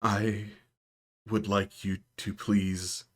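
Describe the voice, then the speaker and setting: A man's voice: lowish voice, flat delivery, very slow, fairly bright tone, full character voice. Man doing a timid, trembling young girl.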